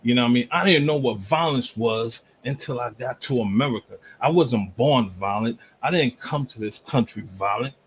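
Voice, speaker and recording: A man from Jamaica arguing forcefully in a heated online debate, pushing through interruptions. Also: mid-range voice, moderate pace, hardly any pauses, slight background noise, rough recording. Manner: forceful, repeatedly talks over interruptions.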